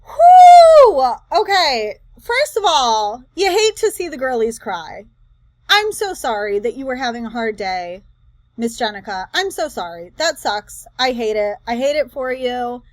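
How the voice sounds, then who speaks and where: High-voiced chatty woman commentator. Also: unhurried, dry recording. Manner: chatty, rambling, animated asides. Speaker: reseller commentary host. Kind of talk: casual reaction commentary.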